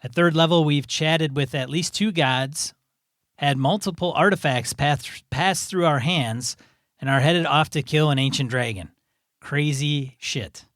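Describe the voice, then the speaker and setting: A man's voice: on the high side, fairly bright tone, dry recording, studio quality. A man co-hosting a gaming podcast in casual chat, reading a listener email aloud with easygoing asides. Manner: easygoing, reads in measured chunks with asides. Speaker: podcast co-host.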